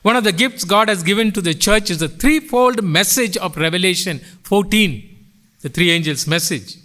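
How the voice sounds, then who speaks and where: A middle-aged man preaching a sermon in church, with sweeping swells and drops in pitch and loudness. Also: moderate pace. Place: church sanctuary.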